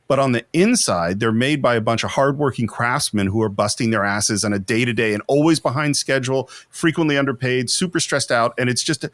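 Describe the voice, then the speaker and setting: Animated man in casual film talk. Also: medium pitch, no echo. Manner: animated, quick asides, acts out quotes. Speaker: podcast co-host.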